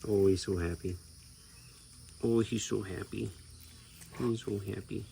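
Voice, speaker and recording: A man who keeps an animal sanctuary, narrating a casual vlog and chatting gently to the animals. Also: lowish voice, unhurried, vocal fry, slight background noise. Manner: relaxed, chatty, speaks softly to the animals.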